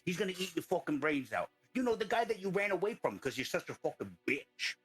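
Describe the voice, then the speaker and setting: Cast: a man as a swearing tavern brawler, husky, raised, swinging pitch, game table. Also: very animated, brisk, a bit bright, soft background music, exaggerated voice. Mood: taunting. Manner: swearing constantly, taunting, ranting. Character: foul-mouthed belligerent brawler man, drunk on rage.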